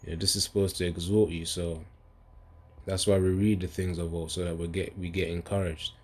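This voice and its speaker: A man with a fairly low voice leads an informal scripture study, talking loosely and stopping often to look for the next passage. When he reads verses aloud, his delivery lifts and presses harder than in his everyday chatter. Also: flat delivery, fairly quick, husky. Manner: rambling, searching aloud, often says "man" and "hold on". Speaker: bible teacher. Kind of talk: casual scripture study talk.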